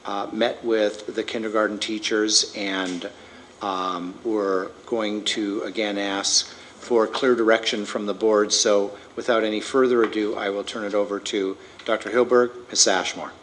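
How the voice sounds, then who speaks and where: A man, the school superintendent, introducing a business item in a halting way, with many fillers. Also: fairly low pitch, little pitch movement, a bit bright, slight background noise. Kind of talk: formal meeting remarks.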